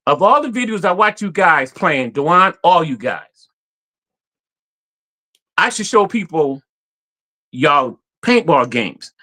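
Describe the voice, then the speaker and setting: A man in casual podcast chat, telling animated stories, acting out quotes and laughing often. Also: fairly high pitch, takes it slowly, pauses often. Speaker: guest player.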